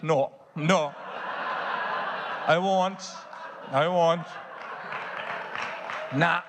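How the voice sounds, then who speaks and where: Speaking fairly quickly in a slightly high voice, a Cork comedian from Ireland tells family tales laced with swearing, putting on exaggerated voices for his relatives. The set plays out in a large hall on a theatre stage, with crowd noise, background noise, and a laughing audience.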